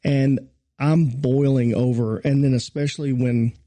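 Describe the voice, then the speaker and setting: A man who is a pastor, telling a personal story in a casual podcast chat, animated and poking fun at himself. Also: medium pitch, measured pace. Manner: animated, self-mocking storyteller.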